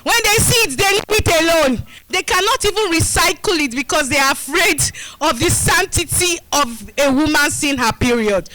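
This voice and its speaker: A woman's voice: high voice, animated, normal speed, sharp tone, dry recording, soft background music, rough recording. A middle-aged woman with a Nigerian accent giving a live demonstration talk to a community group, rousing the crowd with call-and-response. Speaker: community health educator. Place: community gathering.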